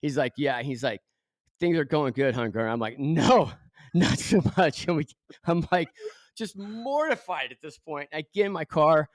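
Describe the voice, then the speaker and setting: A man's voice: a little high, lively intonation, moderate pace, dry recording. A middle-aged man from Southern California with a Southern Californian accent, a podcast guest telling a self-deprecating story with lots of fillers. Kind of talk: storytelling in a casual interview.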